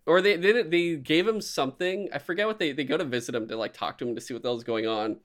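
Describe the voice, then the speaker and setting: A man's voice: on the high side, quick pace. A man in casual podcast chat, rambling and swearing as he animatedly retells a story. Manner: rambling, profane, animated retelling with put-on voices.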